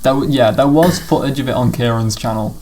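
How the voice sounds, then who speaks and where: A man's voice: mid-range voice, a little fast, a little mellow, slight background noise. A man commenting on his own video in a casual chat, rambling and swearing freely.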